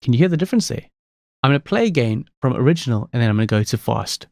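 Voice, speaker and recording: A man presenting a screen-recorded software tutorial, explaining each step calmly. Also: mid-range voice, fast talker, creaky, no echo, faint music behind.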